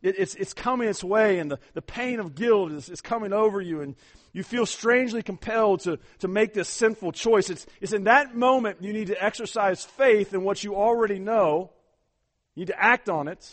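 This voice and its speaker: Male pastor with a slightly high voice, emphatic sermon delivery, repeats words. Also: normal speed. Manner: emphatic, urging the congregation, frequent repeated words.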